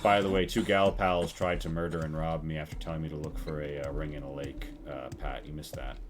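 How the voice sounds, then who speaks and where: A man's voice: extremely low pitch, flat delivery, a little fast. A man casually commenting while he plays a role-playing game live, joking and swearing, with mock-formal asides. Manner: jokey, swears, slips into mock-formal lines.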